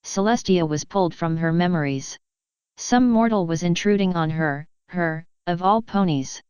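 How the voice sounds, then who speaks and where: A woman reads a story aloud in a steady, even narrating voice that sits slightly low. Her delivery is very smooth and clear. The recording is dry and close, with a dull, lo-fi tone. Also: normal speed, no echo. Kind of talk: audiobook narration of fan fiction.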